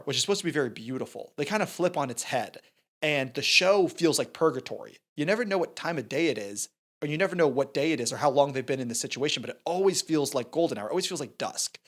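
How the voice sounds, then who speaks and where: A man co-hosting a movie review podcast, chatting animatedly and acting out scenes in silly voices. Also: a little high. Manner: animated, acts out characters' lines in funny voices. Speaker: podcast co-host. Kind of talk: casual movie review chat.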